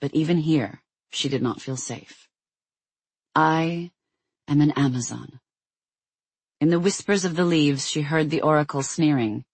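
An audiobook narrator tells the story in a steady, measured way. The voice is somewhat husky and sounds dry and close. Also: mid-range voice, dry recording.

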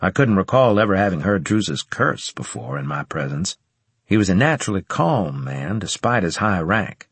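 Low, husky male audiobook narrator. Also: very animated, normal speed, no room sound. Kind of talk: scripted first-person narration.

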